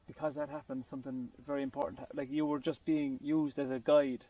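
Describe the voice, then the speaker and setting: In a casual group conversation, a man tells a long story in a fairly quick, mid-range voice with little pitch movement. He rambles, searches for words, and keeps restarting his sentences, all captured in a distant, muffled lo-fi recording.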